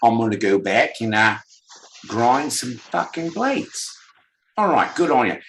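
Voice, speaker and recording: A man's voice: medium pitch, sing-song, measured pace, slight background noise. A man voicing a crude, rowdy Australian bloke with a put-on Australian accent who swears a lot. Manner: swearing, rough and loud.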